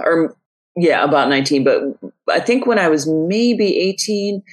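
A middle-aged woman who has written a memoir shares personal stories in a relaxed interview. She speaks in a low voice, animated and laughing often.

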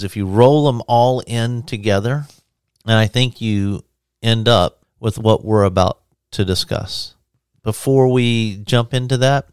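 A man's voice: medium pitch, measured pace, a little mellow, smooth, no room sound. A man hosting a Christian teaching podcast, praying and preaching in an earnest, conversational way on a close mic. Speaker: podcast host and open-air preacher.

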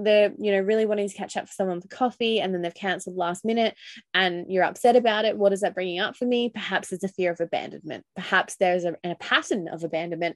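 A woman talks through her own thoughts on a solo podcast, candid and reflective, with the odd swear word. Her voice sits at a middling pitch. The recording is dry and close, with no room sound. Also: darkish tone, no room sound. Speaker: podcast host and coach.

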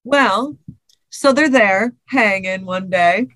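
A woman's voice: medium pitch, slow pace, a bit bright, no room sound. A woman co-hosting a podcast, chatting casually and reading listener stories aloud with laughs and swearing. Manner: laughing, swearing, repeats herself.

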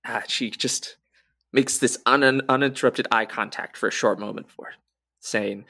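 A man narrating as game master for a tabletop game, unhurried, with frequent fillers. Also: mid-range voice, fairly even intonation, gravelly, bright, forceful tone.

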